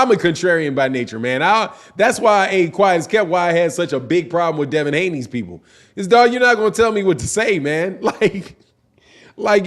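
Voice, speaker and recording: A man hosting a casual boxing livestream, reading super chats aloud in slangy, repetitive, laughing talk. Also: high-pitched. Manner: animated, slangy, repeats himself, laughs often. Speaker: boxing channel host.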